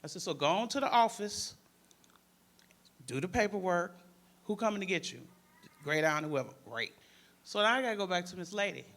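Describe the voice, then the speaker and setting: A man's voice: high voice, expressive, moderate pace, pauses often, a bit bright. A man with a Detroit accent, a panelist and former crisis worker, telling a story in casual speech and acting out the voices of the people in it.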